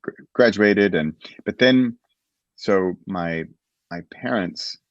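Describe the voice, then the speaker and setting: A man's voice: low-pitched, slow pace, no room sound. An American man telling his own story as a podcast guest, reflective and rambling, with many restarts. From United States. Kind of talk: casual interview storytelling. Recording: dull lo-fi dry sound.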